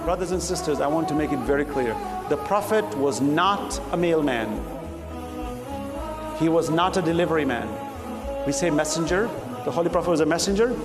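A man preaching a sermon, emphatic and rhetorical, acting out dialogue and sometimes breaking into shouts. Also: fairly high pitch, fast. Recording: echoey hall with music behind.

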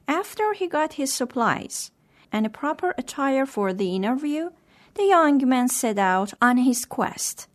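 A woman hosting and reading a moral story aloud in a gentle, measured way. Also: sits high, very animated. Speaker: storyteller and host. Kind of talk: scripted story narration.

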